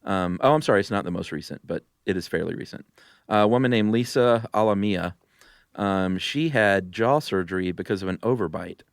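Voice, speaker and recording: A man co-hosting a podcast in casual chat, easygoing and quick to laugh. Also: low voice, creaky, no room sound, clean studio sound. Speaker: podcast co-host.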